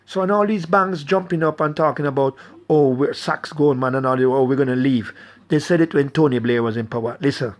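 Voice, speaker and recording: A middle-aged man delivering a blunt, angry political rant straight to his viewers. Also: mid-range voice. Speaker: political commentator.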